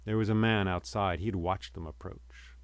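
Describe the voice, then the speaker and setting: A man telling an ancient myth aloud as a storyteller, in a measured, rhythmic way. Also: deep voice, fairly even intonation, smooth, no echo.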